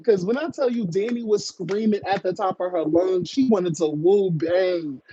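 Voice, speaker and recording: A woman hosting a live stream, chatting casually about online drama, reading viewer comments and slipping into high mocking voices to act scenes out. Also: moderate pace, hardly any pauses, mellow, a little hiss or hum. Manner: chatty, slangy, reads viewer comments aloud. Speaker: livestream host. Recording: dull lo-fi stream audio.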